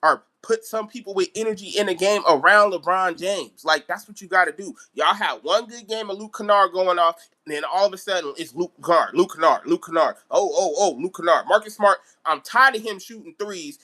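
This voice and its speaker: Guy ranting on his live stream, aave, high voice, bright and sharp, keeps repeating himself. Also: normal speed. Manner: animated, repetitive ranting. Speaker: basketball vlogger. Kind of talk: live-stream sports rant.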